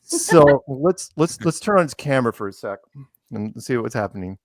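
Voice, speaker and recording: A man hosts a casual talk show and tells teasing stories in a relaxed way. His pitch is ordinary for a man. The sound is dry and close, with little room. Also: moderate pace, no echo. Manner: teasing storyteller, quotes people in put-on voices. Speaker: podcast host. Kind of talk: casual chat.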